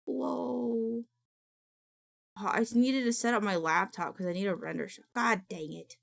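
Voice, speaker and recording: A woman's voice: on the high side, sing-song, moderate pace, gravelly, long pauses. A woman streamer in casual live-stream chat, rambling and greeting her viewers by name. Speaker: VTuber streamer.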